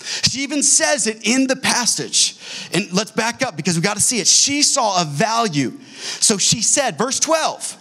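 Husky, lively pastor preaching. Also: male voice, high-pitched, measured pace. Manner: animated storytelling, acting out quoted dialogue. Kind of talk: sermon. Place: church sanctuary.

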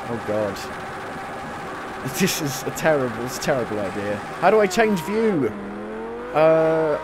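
A man's voice: fairly high pitch, unhurried. Chatty young man over roaring race engines. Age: 20s. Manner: chatty and reactive, breaking into excited exclamations. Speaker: gamer playing a racing game demo. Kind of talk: casual gameplay commentary. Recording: loud racing game engine noise under the voice. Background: racing car engines from the game.

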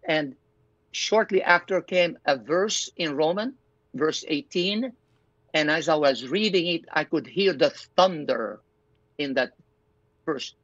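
A man's voice: on the high side, expressive, takes it slowly, fairly bright tone, no echo. An older man, a pastor and doctor, telling his personal testimony as an interview guest in an earnest, storytelling way. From Lebanon. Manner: earnest storyteller, acts out his own quoted thoughts. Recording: dull, dry lo-fi recording.

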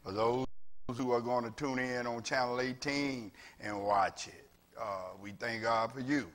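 A man preaching a sermon as pastor with a Southern US accent, repeating phrases and building from quiet talk to loud preaching. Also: medium pitch, fairly even intonation, unhurried. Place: church with several cameras.

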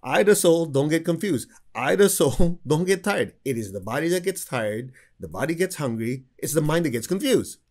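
A man's voice: on the high side, moderate pace, few pauses. A man teaching a spiritual class, telling stories with humor and acting out the people he quotes. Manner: animated storyteller who acts out quoted people. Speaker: meditation teacher.

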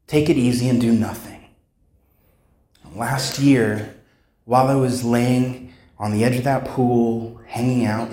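A man giving a keynote speech at a conference, telling a story with dramatic pauses and acted-out sounds. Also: medium pitch, darkish tone. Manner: dramatic storyteller, acts out sounds and voices, slows for emphasis. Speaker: keynote speaker. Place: conference hall. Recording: echoey hall sound.

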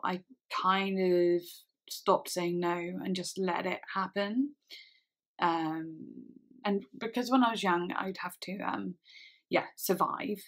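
A woman telling a personal story in a storytime vlog, speaking haltingly with frequent pauses and restarts. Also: medium pitch, fairly bright tone. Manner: halting, hesitant speech with many restarts. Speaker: vlogger.

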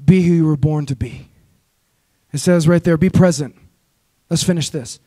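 A male pastor preaching a sermon, exhorting the congregation in call-and-response and building to shouted peaks. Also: fairly high pitch, normal speed, dry recording. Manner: storytelling with rising, shouted peaks.

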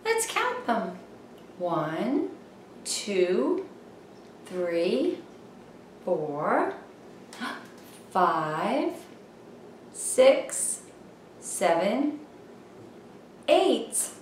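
A woman's voice: medium pitch, very animated, extremely slow, long pauses, heavy reverb, far from the mic, slight background noise. A woman hosting a children's show, singing rhymes and chatting playfully with little whoops. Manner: playful, sing-song, exclaims little whoops. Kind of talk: singing and rhyming for young children.

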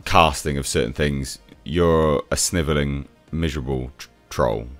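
A man's voice: very deep voice, unhurried, fairly bright tone, soft background music. A man giving a sarcastic, exasperated commentary rant as a reviewer. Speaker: YouTube reviewer. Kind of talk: ranting commentary.

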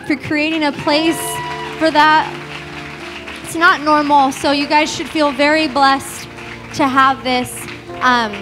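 A young woman preaching as a guest in church, chatty and emotional, with many fillers. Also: sits high. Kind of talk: conversational sermon. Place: church sanctuary. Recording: music playing behind.

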